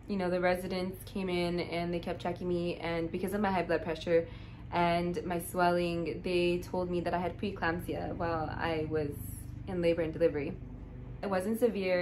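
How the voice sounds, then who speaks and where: Rambling young woman telling a story, low voice. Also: a little hiss or hum, rough recording. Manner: rambling, many fillers and restarts, emotional. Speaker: vlogger. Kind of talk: casual storytelling to camera.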